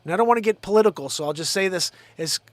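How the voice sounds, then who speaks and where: A man's voice: high-pitched, very fast, dry recording. A man hosting his own show, ranting in a heated, profane, rambling way. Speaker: show host. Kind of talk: live-stream rant.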